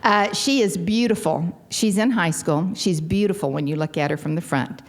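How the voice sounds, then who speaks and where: Texan lady in her sixties telling her story, kinda low voice, dry funny jokes about herself, jumps up high when it gets dramatic. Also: normal speed. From Texas. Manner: wry self-deprecating humor, lively storytelling with sudden jumps up in pitch. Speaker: convention speaker sharing her recovery story. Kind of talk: personal storytelling talk.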